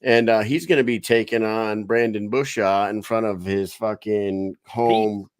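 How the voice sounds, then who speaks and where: Deep-voiced dude introducing fighters, cussing casually, dry close sound. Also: male voice, fairly even intonation, measured pace, clear, resonant tone, no echo. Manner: hyped, swears casually when introducing guests. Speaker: podcast co-host. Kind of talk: casual chat.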